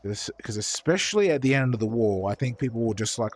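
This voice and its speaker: Brief: young male streamer, mid pitch, chatty and profane, rambling with fillers. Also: lively intonation, quick pace, few pauses, slight background noise. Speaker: streamer painting models. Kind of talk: casual chat with stream viewers.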